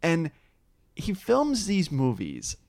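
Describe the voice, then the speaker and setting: A man co-hosting a casual chat, telling stories in an animated, ranting way. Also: on the high side, takes it slowly, creaky, no room sound.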